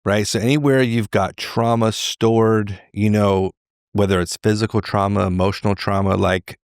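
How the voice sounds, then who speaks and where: A middle-aged man, a podcast guest, telling a candid personal story in an animated way. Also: fairly low pitch, moderate pace, dry recording, clean studio sound. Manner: animated, acts out quoted voices.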